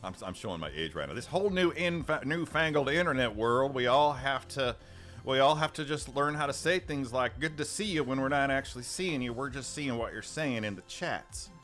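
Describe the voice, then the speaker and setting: Expressive and a bit bright at medium pitch, a middle-aged man talks at a moderate pace while hosting a laid-back livestream. He rambles, restarts a lot, and chuckles as he reads the chat, using a studio microphone, with faint music playing behind him.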